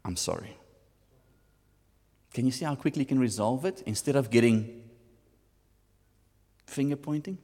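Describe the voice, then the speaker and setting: A man with a South African accent preaching a sermon, animated and switching between English and Afrikaans. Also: medium pitch, moderate pace, pauses often, in a large hall. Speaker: pastor.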